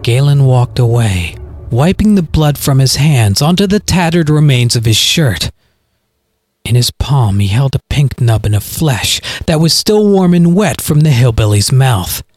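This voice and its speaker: A man reading his own audio story aloud as its narrator, in a dramatic, expressive way. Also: medium pitch, a little slow, soft background music. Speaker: podcast author and narrator.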